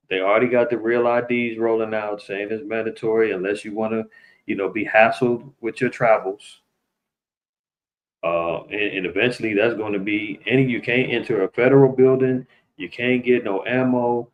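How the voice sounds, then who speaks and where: A man hosting a livestream, talking loosely to his viewers and often turning to address them directly. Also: phone-quality sound. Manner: loose and conversational, addresses viewers directly, mimics people in higher voices. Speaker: livestream host. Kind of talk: casual livestream commentary.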